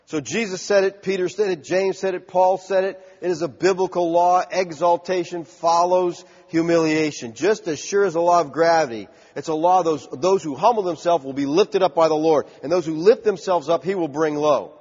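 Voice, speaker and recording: A man's voice: fairly high pitch, normal speed, hardly any pauses, darkish tone. Emphatic male preacher in a reverberant hall. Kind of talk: sermon. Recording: dull lo-fi, long hall reverb.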